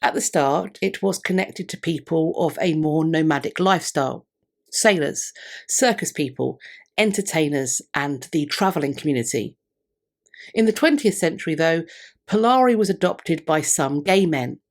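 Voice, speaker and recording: Low-voiced woman narrating history. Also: lively intonation. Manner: measured, reads out scholarly quotations. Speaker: history channel presenter. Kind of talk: scripted narration.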